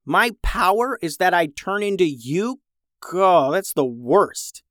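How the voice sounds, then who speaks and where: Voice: mid-range voice, big pitch swings, takes it slowly, a bit bright, no room sound, studio quality, voice pushed up. A reader voicing a wry, reluctant boy who grumbles a little in a storybook. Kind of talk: storybook reading.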